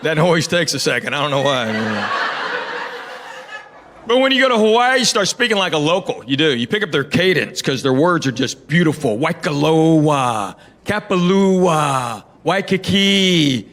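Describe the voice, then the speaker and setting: A man's voice: a little high, animated, brisk, a bit bright. A man performing a stand-up comedy set in a live venue, a drawling storyteller who slips into playful mimicry of the locals he describes. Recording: live venue with audible ambience.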